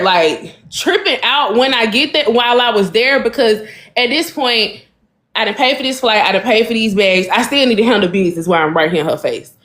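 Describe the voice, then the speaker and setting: A podcast co-host tells a long story straight to her listeners, calling them y'all. Her voice sits a little high for a woman. She talks in an animated, exasperated, casual way.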